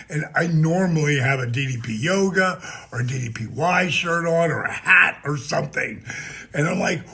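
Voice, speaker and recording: A man who is a former pro wrestler recording a personalized greeting video message, boisterous and quick to shout catchphrases and laugh. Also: fairly high pitch, expressive. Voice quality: gravelly and very husky. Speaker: former pro wrestler and fitness company founder.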